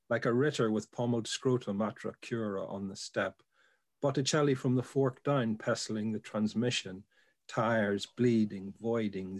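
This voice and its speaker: A man discussing poems in conversation and then reading a poem aloud in a measured way. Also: lowish voice, darkish tone. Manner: brief agreeing replies, reads aloud with measured phrasing.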